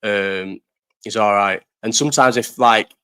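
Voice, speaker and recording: A man's voice: on the low side, a little slow, clean tone. A young man hosting a live chat, ranting casually about football, sweary and rambling, answering people in the chat. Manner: animated, sweary, rambling, talks to chat readers.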